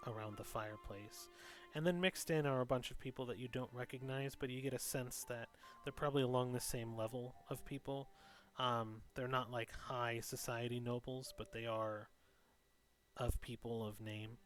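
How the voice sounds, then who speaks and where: A man runs a tabletop game in an unhurried, rambling way. His voice sits at an ordinary pitch, and he stops for many ums while he describes the scene. Soft music plays faintly behind him. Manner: relaxed, filler-heavy narration with many ums. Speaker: game master.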